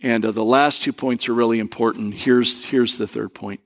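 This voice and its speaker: Man preaching with emphatic pauses. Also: medium pitch, steady tone. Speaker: pastor. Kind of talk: sermon.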